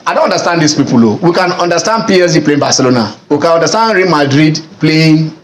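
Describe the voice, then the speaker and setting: A man's voice: on the high side, expressive, fast talker, over a noisy crowd. A man with a Nigerian accent hosting a studio sports talk show. He keeps restarting and cutting in on the others. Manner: talks over others, stammering restarts.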